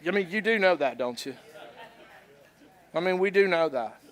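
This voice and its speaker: A male pastor preaching a sermon, animated and acting out both sides of everyday arguments. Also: sits high, moderate pace. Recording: church service.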